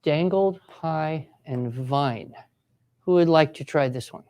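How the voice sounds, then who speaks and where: Speaking slowly in a mid-range voice with a dark tone, a writing teacher leads students through a live workshop. Between encouragement and step-by-step instructions, the teacher performs sample voices for the class.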